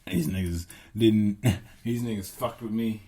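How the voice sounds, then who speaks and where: A man's voice: fairly even intonation, unhurried, warm tone, lightly acted. A man doing a mumbling mad scientist. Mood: scheming. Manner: low, muttering, offhand. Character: sly, indifferent male mad scientist creator.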